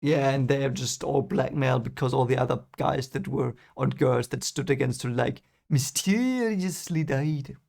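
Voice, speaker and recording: A man from Germany with a gravelly, creaky voice, reacting to a book as he reads it. He talks in an emotional, rambling way, swearing and then apologizing. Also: medium pitch, little pitch movement, a little fast, few pauses, a little mellow. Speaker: channel host reading a book aloud. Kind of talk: first-time reading reaction.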